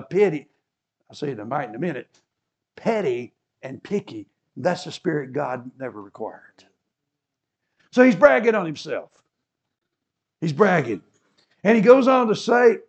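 A man preaching a sermon, explaining scripture and acting out the people in it with rising fervor. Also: fairly high pitch. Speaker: pastor.

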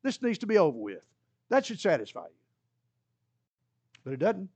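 A man's voice: wildly swooping pitch, moderate pace, a little mellow, slightly rough, no room sound. A man preaching a sermon, retelling scripture as a story and acting out the voices of the people in it. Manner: storytelling preacher, acts out quoted voices with rising pitch. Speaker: pastor.

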